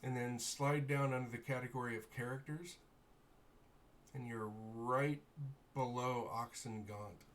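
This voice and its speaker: An easygoing man runs a tabletop game as game master, his voice at an ordinary middle pitch. He talks players through the setup, often muttering half to himself. A faint hiss of noise sits under his voice. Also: fairly even intonation, a little slow. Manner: easygoing, muttering to himself while fixing software. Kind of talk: running a tabletop game online.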